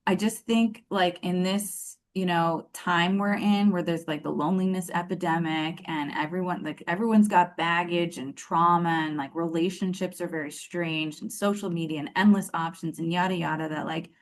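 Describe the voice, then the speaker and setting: A woman in her thirties guesting on a podcast, telling her story in a rambling, earnest way full of fillers and restarts. Her voice sits on the low side for a woman. She speaks casually and sincerely about being grateful to her coach. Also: fairly even intonation, moderate pace, hardly any pauses. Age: 30s.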